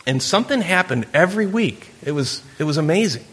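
A man's voice: a little high, expressive, brisk, a bit bright, slightly rough. A man preaching a sermon, telling a story and acting out kids' voices in a playful way. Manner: storytelling with playful camper impressions. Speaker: pastor. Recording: long hall reverb.

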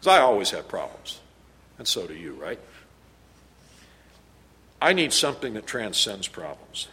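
A man preaching a sermon as pastor, emphatic, his loudness rising and falling as he drives points home. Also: on the low side, sing-song, measured pace.

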